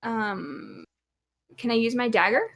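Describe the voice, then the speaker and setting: A woman's voice: fairly high pitch, very animated, takes it slowly, creaky, a bit bright. A young woman playing in a tabletop game, hesitant and asking lots of questions. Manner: hesitant, full of ums and questions. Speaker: player. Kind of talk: casual chat in a tabletop game.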